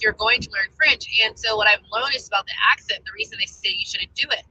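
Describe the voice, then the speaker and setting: An American woman in casual vlog chat, rambling with plenty of fillers. Her voice sits a little high and sounds very bright, with a touch of huskiness. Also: breathy edge, poor audio. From United States. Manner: rambling, chatty, many fillers. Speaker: travel vlogger.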